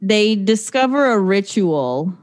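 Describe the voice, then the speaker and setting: Woman, casual chat, animated pitch, laughs often, acts out quotes. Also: slow. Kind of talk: casual chat recapping a film.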